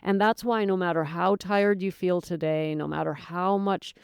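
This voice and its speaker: A woman's voice: on the low side, steady tone, moderate pace, gravelly, darkish tone, smooth, no echo, studio quality. A woman hosting her own sobriety podcast, talking straight to the listener in an earnest, encouraging, folksy way. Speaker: podcast host, sobriety coach. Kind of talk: motivational solo talk.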